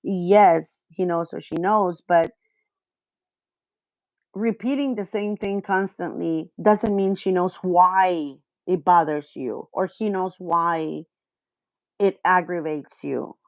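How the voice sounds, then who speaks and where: A woman in a casual chat telling a story, rambling with many fillers and getting animated as she retells events. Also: fairly low pitch, takes it slowly, no echo, lo-fi sound.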